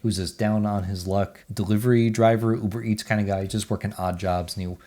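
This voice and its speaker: A man's voice: on the low side, fairly even intonation, a little fast, warm tone. Chatty guy reviewing movies. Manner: chatty and offhand, blunt opinions. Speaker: movie reviewer, channel host. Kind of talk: casual year-end movie review.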